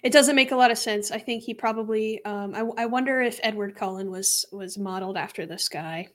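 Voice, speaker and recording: Speaking a little quickly at a medium pitch, this young woman co-hosts a true crime podcast. The talk is casual, and she's giggly, breaking into laughter frequently in the middle of sentences.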